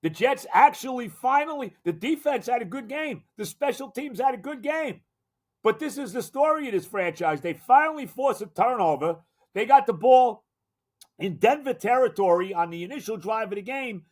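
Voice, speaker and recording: A man's voice: very high-pitched, animated, moderate pace, a little mellow. An older man hosting a sports podcast, ranting in an exasperated, emphatic way and repeating himself. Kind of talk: solo sports rant.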